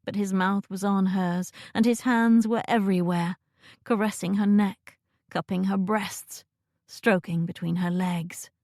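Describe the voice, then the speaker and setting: Gravelly woman narrating a romance audiobook. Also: medium pitch, fairly even intonation, unhurried, a little mellow, no echo, clean studio sound.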